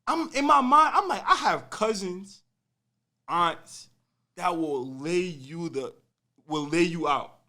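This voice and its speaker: Young man, podcast storyteller, slangy, very lively pitch, bright tone. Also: slow. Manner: animated, slangy, acts out quotes. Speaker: podcast host telling a story. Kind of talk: casual storytelling.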